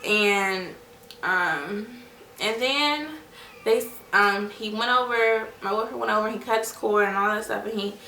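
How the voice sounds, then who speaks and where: A woman's voice: mid-range voice, measured pace, bright, forceful tone, slight background noise. A young woman vlogger telling a personal story in a casual, chatty way, talking to her viewers while settling a baby at home. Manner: chatty, addresses viewers as "you guys" and "y'all"; acts out voices in her stories. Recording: echoey room, mic at a distance.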